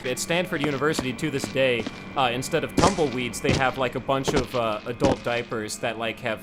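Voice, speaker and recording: A man's voice: medium pitch, brisk, few pauses, over loud music. A young man co-hosting a livestream, telling rambling absurd stories in casual comedy banter. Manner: rambling absurd storytelling, giggly. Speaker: livestream co-host. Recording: loud background noise from gameplay.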